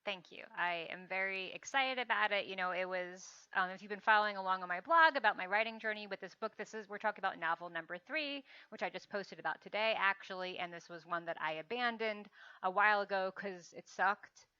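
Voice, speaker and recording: A woman's voice: mid-range voice, brisk, pushed and bright, clean tone, no echo, dull audio. A woman co-hosting a casual book podcast, chatty and self-deprecating, laughing often. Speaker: podcast co-host and novelist. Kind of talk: casual chat.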